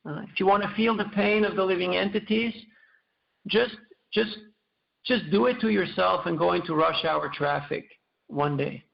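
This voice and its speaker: A man speaks in a high, heavily gravelly voice, teaching scripture at a measured pace and telling stories from his own life. The recording is dull and lo-fi. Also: echoey room. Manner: storytelling, measured, with fillers and repeats. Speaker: speaker giving a scripture class. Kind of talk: sermon.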